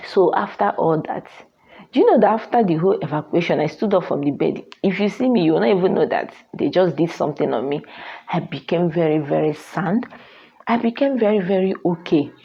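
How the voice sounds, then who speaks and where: Husky gravelly Nigerian woman storyteller. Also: fairly low pitch, expressive, fairly quick. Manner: earnest, emphatic, repeats phrases. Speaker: vlogger. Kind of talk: personal storytelling to camera. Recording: dull lo-fi sound.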